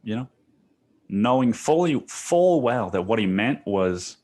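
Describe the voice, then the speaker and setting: A man's voice: mid-range voice, big pitch swings, a little slow, a little mellow. A young man hosting a solo podcast, venting with lots of swearing and "dude", his tonsils swollen. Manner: profane venting, heavy on "dude". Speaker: podcast host.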